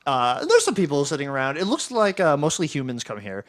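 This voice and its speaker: A man's voice: on the high side, huge pitch swings, fairly quick. A man running a tabletop game as game master, narrating in a rambling, hesitant way with frequent laughs.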